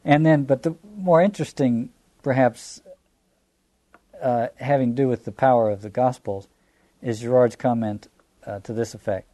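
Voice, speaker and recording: A man's voice: medium pitch, normal speed, mellow. A man with a Southern American accent, giving a reflective lecture on scripture, restarting phrases and posing rhetorical questions.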